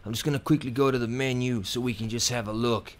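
A man giving excited gameplay commentary, cheering and whooping at his wins. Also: medium pitch, quick pace. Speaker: gaming commentator.

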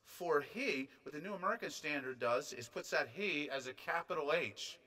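A man preaching a sermon as pastor, rising to loud, high, drawn-out emphasis and dropping to quiet conversational asides. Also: animated. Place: church sanctuary.

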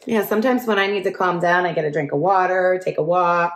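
A woman's voice: on the low side, steady tone, brisk, hardly any pauses. A woman teacher reading a picture book aloud to children, chatty and asking the listeners questions as she goes. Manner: chatty, asks listeners questions, laughs often.

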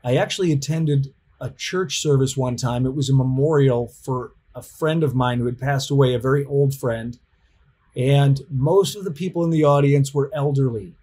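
A middle-aged man, a college professor, giving a recorded lecture in an emphatic, deliberate teaching manner. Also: mid-range voice, mellow, breathy edge.

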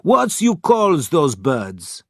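A man reading a storybook, voicing a blunt, stubborn local man who speaks broken English slowly. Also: a little high, wildly swooping pitch, a bit bright, dry recording, clean studio sound, pitched above the performer's own voice, heavily acted.

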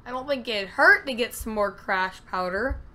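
A woman giving casual gameplay commentary, excitable and talking to herself, with loud frustrated outbursts. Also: on the high side, moderate pace, slight background noise. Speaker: let's play gamer.

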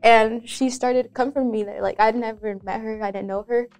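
A woman's voice: fairly high pitch, steady tone, moderate pace, a little mellow, smooth, faint music behind. A young woman hosting a casual student interview at school, chatty and giggly, with many filler words. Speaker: student show host.

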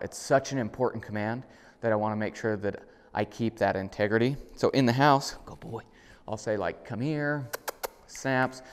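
Low-voiced man teaching dog training. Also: clear, resonant tone, in a large hall. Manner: relaxed explaining, bursts into high, loud, upbeat dog commands. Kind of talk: casual instructional talk. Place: indoors in a house.

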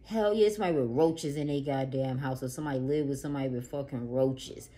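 A woman doing a casual tarot reading to camera, cursing freely and swinging from low murmurs to loud ranting. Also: quick pace. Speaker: tarot reader.

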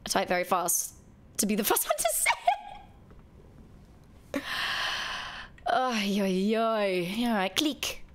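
Streaming a game with slight background noise, a woman chats with her viewers in a playful, casual way. Her mid-range voice stays chatty as she addresses chat.

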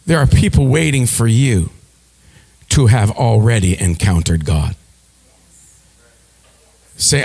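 A man preaching a sermon, telling a story with many restarts and building up to shouted exhortation. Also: lowish voice, big pitch swings, slow pace, vocal fry, long pauses, slightly rough. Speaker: pastor. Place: church sanctuary. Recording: long hall reverb.

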